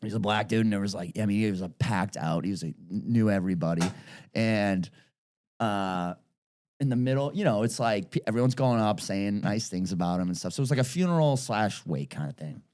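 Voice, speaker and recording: A man's voice: fairly low pitch, lively intonation, fairly quick, a little mellow. A man, a comedian guest telling a rambling story on a casual podcast, full of restarts and fillers. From Boston area.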